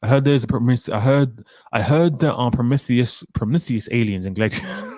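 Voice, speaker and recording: A man's voice: mid-range voice, fairly quick, darkish tone, no room sound, clean studio sound. A young man hosting a casual livestream, chatty and opinionated as he answers viewer questions. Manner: opinionated, chatty, reads out chat comments. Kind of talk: casual live stream chat.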